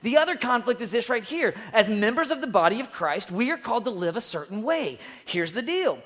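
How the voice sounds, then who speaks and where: A woman youth pastor preaching in a loose, conversational way to young listeners. Her talk is relaxed and everyday, with frequent restarts as she builds a point. She acts out the voices of the people she describes to make her points land. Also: a little high, fairly quick. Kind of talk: sermon.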